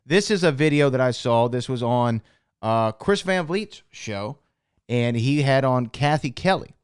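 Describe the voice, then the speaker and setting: An upbeat man co-hosting a podcast, introducing clips and asking for reactions. His voice comes across smooth and resonant, recorded dry and close. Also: medium pitch, lively intonation, measured pace, dry recording. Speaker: podcast co-host. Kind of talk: casual chat.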